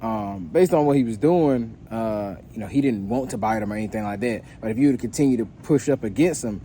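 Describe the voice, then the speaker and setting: A man who trains dogs, casually telling a story to his viewers in a relaxed, rambling way, full of fillers and restarts. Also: mid-range voice, brisk, slight background noise. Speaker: dog trainer.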